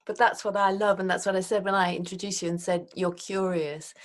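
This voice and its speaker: A woman's voice: mid-range voice, flat delivery, fairly quick. A woman hosting a conversational podcast, encouraging and admiring of her guest. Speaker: podcast host.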